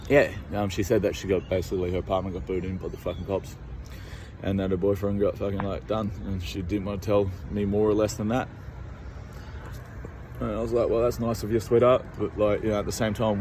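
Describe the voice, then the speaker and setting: A man's voice: on the low side, slight background noise. A young Australian man rambling and swearing constantly as he walks and vlogs outdoors on city streets into a handheld phone. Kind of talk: rambling walking vlog.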